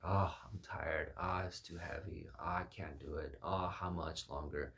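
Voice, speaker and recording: A man's voice: deep voice, fairly even intonation, creaky, a bit bright, exaggerated voice. A man voicing a lazy, whining man who complains and wants to quit lifting. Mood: whiny. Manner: whiny, drawn-out complaining. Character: lazy whiny man giving up on a lift.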